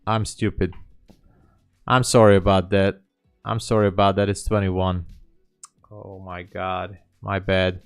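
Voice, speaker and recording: A man talking slowly and thinking aloud while day trading on a live stream, often apologizing for small mistakes. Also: deep voice, smooth, dry recording, clean studio sound. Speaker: livestream day trader.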